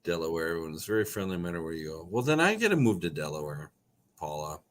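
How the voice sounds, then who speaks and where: A man's voice: deep voice, big pitch swings, fast, a bit bright. A man hosting a casual livestream, reading viewer comments aloud, joking and swearing casually as he reminisces. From Wisconsin. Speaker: livestream host reading chat. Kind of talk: casual live chat.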